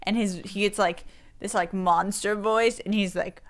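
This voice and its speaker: A woman's voice: mid-range voice, fairly even intonation, measured pace. A woman co-hosting a casual film discussion panel, talking animatedly with a lot of "like.".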